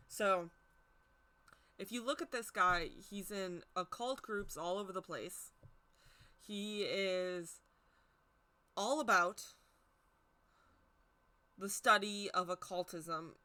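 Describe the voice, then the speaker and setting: Chatty woman with a bright voice. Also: mid-range voice. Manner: chatty, self-deprecating, stumbles over names. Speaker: tarot teacher. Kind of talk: casual history talk.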